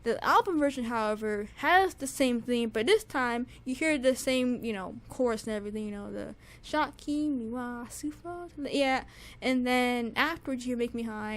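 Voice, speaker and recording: A woman casually reviewing her favorite songs, gushing with fangirl enthusiasm and rambling with lots of fillers and repeats. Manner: shrieks high with excitement at times. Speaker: music reviewer. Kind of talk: casual solo music review.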